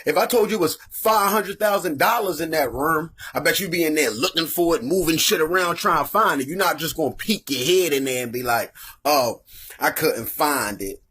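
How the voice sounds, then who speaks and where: A man's voice: on the high side, brisk, hardly any pauses, pushed and bright, breathy edge. A man with a Baltimore accent telling comic stories in a profane, conversational monologue. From Baltimore, Maryland. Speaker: comedian. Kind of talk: comedic storytelling monologue.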